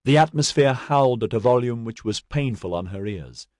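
An audiobook narrator with a mid-range male voice reads a science fiction story in a measured, expressive manner. The scripted narration is recorded cleanly in a studio, with no room sound.

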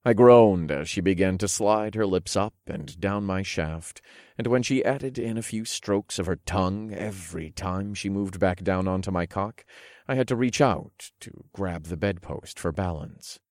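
A man narrating an erotic story in the first person, in a low, hushed, unhurried way, recorded close and dry. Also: dry recording.

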